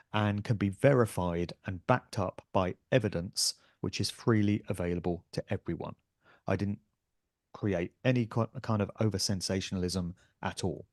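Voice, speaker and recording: A man's voice: fairly low pitch, a little mellow, dry recording, studio quality. A man guesting on a podcast interview, talking in an earnest, emphatic way as an author and speaker.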